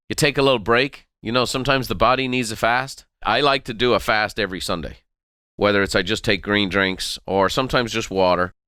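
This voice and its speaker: A man's voice: on the low side, bright, forceful tone, smooth, no echo, studio quality. A middle-aged man from Ireland, hosting a motivational podcast and driving home key phrases by repeating them. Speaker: podcast host and motivational speaker. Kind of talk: motivational monologue.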